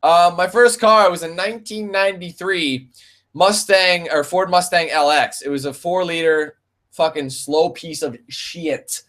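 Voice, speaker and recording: A man's voice: high voice, fairly even intonation, measured pace, fairly bright tone. A man in his twenties with a Canadian accent, a gaming streamer answering viewer questions in a casual, profane chat. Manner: laid-back and profane, calls viewers man and bro.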